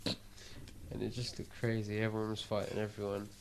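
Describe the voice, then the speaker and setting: A man guesting on a chat show, reacting quickly and retelling videos with excitement. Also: lowish voice, vocal fry, background noise. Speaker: comedian guest. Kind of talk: casual chat.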